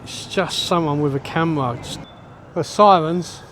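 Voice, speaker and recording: A man's voice: on the high side, moderate pace, background noise. A man with a London accent, chatting casually and cheekily while filming on a city street.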